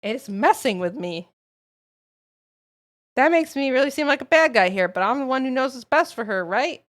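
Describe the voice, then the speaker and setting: A woman streaming a game live, reading its text aloud and reacting with animated, swearing, mock-angry commentary, her voice strained and going. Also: sits high, moderate pace. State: losing her voice.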